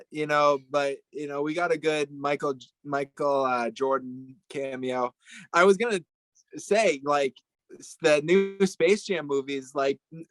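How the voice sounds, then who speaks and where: A man's voice: a little high, a bit bright, dry recording, poor audio. A man chatting casually in a rambling, joking way, often searching for words. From Italian heritage. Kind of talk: casual chat.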